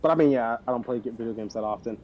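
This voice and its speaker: A man chatting on a live stream, talking in a hesitant, halting way. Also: mid-range voice, darkish tone, highs cut off. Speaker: friend on stream. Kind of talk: casual stream chat.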